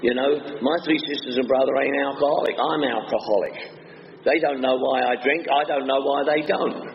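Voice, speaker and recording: In a steady, mid-range voice at normal speed, a man from England with a Northwest London accent recounts his own recovery to a meeting. He's blunt and jokey, using rhyming quips, and the hall recording sounds dull and echoey with slight background noise.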